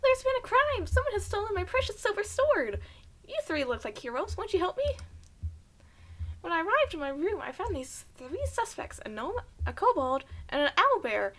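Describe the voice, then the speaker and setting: Woman doing a high, melodramatic mouse. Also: very animated, normal speed, fairly bright tone, heavily acted. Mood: fretful. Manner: pleading, melodramatic. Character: delicate fretful little mouse, theatrical.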